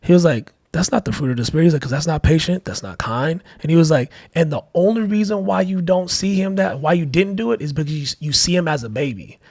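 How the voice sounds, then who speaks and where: A man's voice: on the high side, fast, few pauses, a little mellow, dry recording, studio quality. A man in a casual, heartfelt conversation, telling candid personal stories about fatherhood with lots of "like" and acted-out quotes. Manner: candid storytelling with many fillers, acting out quoted voices. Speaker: podcast guest, father.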